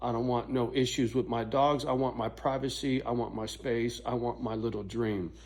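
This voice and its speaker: A man's voice: mid-range voice, fairly even intonation, moderate pace, a little mellow. Rambling, cussing middle-aged man telling a story. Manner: rambling, profane, frequent "right?" asides. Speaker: vlogger. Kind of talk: casual storytelling to camera.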